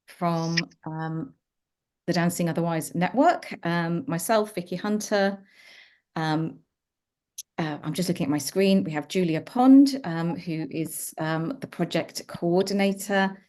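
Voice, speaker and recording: A middle-aged woman leading an online meeting from her office, speaking hesitantly with many pauses. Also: fairly low pitch, mellow. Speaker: project lead and host. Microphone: video call.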